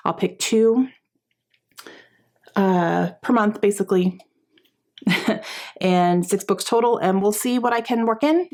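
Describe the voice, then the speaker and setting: A woman vlogger chatting casually to camera about books, often laughing and filling pauses with "um". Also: medium pitch, a little mellow. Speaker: book vlogger.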